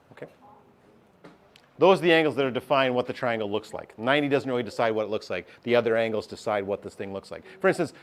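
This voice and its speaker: A male teacher, giving a chatty classroom lesson and often checking in with his class. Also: medium pitch.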